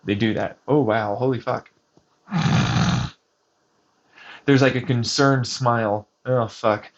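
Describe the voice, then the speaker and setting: A man's voice: mid-range voice, fairly even intonation, slow pace. Rambling, profane man on a muffled recording. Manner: rambling, profane, restarts often. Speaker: vlogger. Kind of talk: rambling personal monologue. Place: outdoors on a hiking trail.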